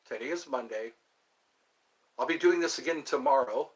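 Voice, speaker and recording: A man's voice: mid-range voice, moderate pace. A man hosting a casual livestream chat, rambling and thinking aloud as he digresses from one topic to the next. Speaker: host.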